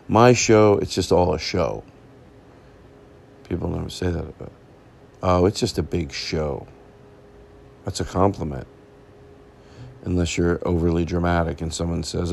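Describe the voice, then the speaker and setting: A man with a deep, gravelly voice hosts his comedy podcast in a loose, rambling monologue. He talks slowly, circling back on his own phrases with a playful, mellow tone. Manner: playful, repeats himself, laughs at his own lines.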